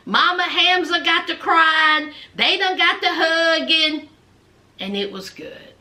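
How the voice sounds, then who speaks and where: Woman vlogger, high bright voice, unhurried chatty recap in an echoey room, calls folks honey. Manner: animated, says honey and child, acts out quotes. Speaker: commentary vlogger recapping a reality show.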